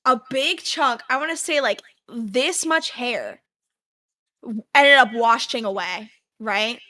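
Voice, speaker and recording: A young woman co-hosting a podcast, telling a story in casual chat and acting out her own past yells. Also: a little high, takes it slowly. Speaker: podcast co-host.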